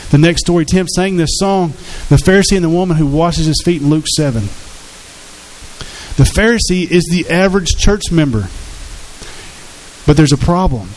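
A man's voice: on the high side, moderate pace, pauses often, darkish tone, slight background noise, poor audio. A man preaching a sermon as pastor, earnest and conversational, acting out quotes from his congregation.

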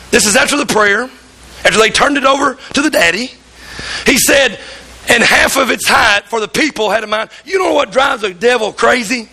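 High-voiced, fervent preacher man. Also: sharp tone, low-quality recording. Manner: fervent preaching, acts out voices in quoted stories. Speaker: pastor. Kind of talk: sermon. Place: church.

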